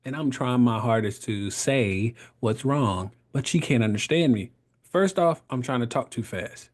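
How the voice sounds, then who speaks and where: A man's voice: medium pitch, expressive, measured pace, darkish tone. A man in his thirties, a podcast guest, telling his story in casual conversation, laughing often and acting out the voices he quotes.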